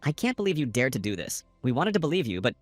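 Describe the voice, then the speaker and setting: A man's voice: mid-range voice, very animated, fast talker, dry recording, soft background music. A man voicing a stern male ruler of time who lectures a prisoner.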